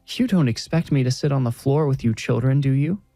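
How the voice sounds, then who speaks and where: Haughty female ghost hunter, prim and formal, pitched high , voiced by a male narrator. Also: moderate pace, dark tone, no echo, soft background music, close to an everyday voice. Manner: prim, formal, a bit condescending.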